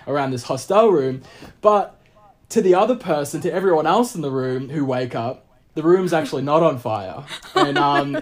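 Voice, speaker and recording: A man from Australia, telling a travel story in casual chat, animated and rambling with lots of fillers and restarts. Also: mid-range voice, slight background noise. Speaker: guest storyteller.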